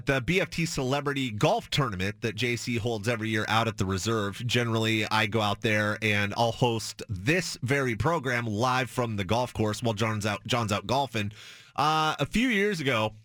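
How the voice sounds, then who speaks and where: A man's voice: medium pitch, normal speed, fairly bright tone, dry recording. A man hosting a sports radio show, chatting casually and telling an upbeat story from a studio.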